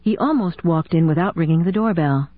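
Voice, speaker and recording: Husky woman narrating a romance. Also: on the low side, animated, fairly quick, no echo. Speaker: audiobook narrator. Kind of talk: scripted narration. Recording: dry tinny phone-like sound.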